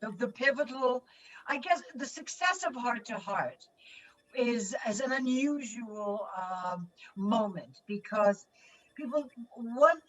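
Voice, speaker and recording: An older actress telling an anecdote as a guest in a virtual conversation, animated and acting out voices and sounds. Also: female voice, on the high side, takes it slowly, slight background noise. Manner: animated storyteller who acts out voices and sounds. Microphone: video call. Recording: dull distant video call audio.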